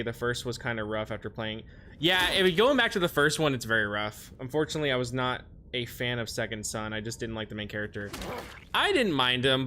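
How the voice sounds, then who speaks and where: A man streaming a video game, chatting casually with his viewers and now and then yelling at the game. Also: medium pitch. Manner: yells at the game in frustration, then chats with viewers. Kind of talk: casual gaming stream chat.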